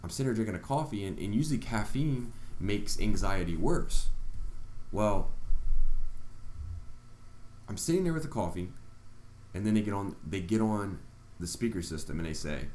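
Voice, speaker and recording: Deep-voiced man telling his story. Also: lively intonation, normal speed, pauses often, a little mellow, roomy sound, a little hiss or hum. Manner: earnest, retelling events with quoted reactions. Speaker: vlogger. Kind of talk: personal storytelling vlog.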